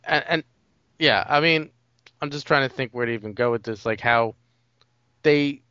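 A man's voice: medium pitch, moderate pace, bright, forceful tone, smooth, no room sound, dull audio. A man co-hosting a casual movie podcast, rambling and leaning on "like" and "you know.". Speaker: podcast co-host.

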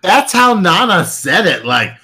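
A man co-hosting a casual podcast, cutting in with quick jokes. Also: high-pitched, very animated, a crowd in the background. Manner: quick jokey interjections. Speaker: podcast co-host. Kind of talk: casual chat.

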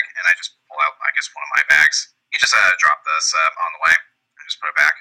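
A man's voice: very deep voice, fast, bright, forceful tone. A man playing a tabletop game, speaking hesitantly with many fillers over a tinny phone line. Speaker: player.

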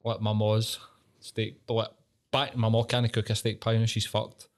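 A Scottish man hosting a podcast, chatting in a sweary, joking, animated way. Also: lowish voice, moderate pace. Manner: sweary, banter-heavy and animated. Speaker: podcast host. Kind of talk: casual chat.

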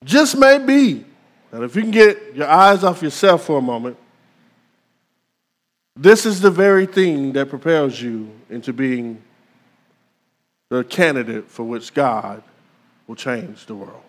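A male pastor preaching a sermon, calling out to the congregation with dramatic pauses. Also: mid-range voice, lively intonation, long reverb tail.

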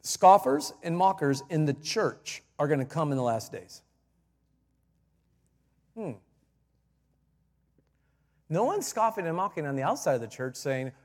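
Guy preaching a sermon, pretty high voice, big echoey church, gets loud and punchy then quiet again. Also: very animated, a little slow, long pauses. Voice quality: emphatic preaching that swings from low asides to loud climaxes. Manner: chuckles at his own jokes and repeats key phrases. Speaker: pastor. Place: church sanctuary. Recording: long reverb of a large church.

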